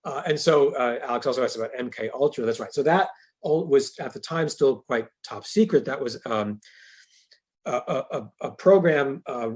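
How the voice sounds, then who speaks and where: A man's voice: mid-range voice, animated, moderate pace, breathy edge. A male professor giving a university lecture in a conversational way, with dry humorous asides.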